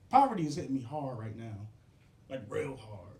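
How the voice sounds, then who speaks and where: A man's voice: on the high side, huge pitch swings, a little fast. A young man doing a profane stand-up set, riffing with the crowd and laughing at his own jokes. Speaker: stand-up comedian. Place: comedy club stage. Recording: roomy club sound.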